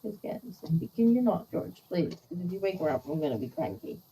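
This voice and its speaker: Woman streamer, husky and mellow, fussing over her cat mid-game. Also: on the low side, sing-song, a little fast, rough recording. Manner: fussing at a cat, scolding softly. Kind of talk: casual stream chat.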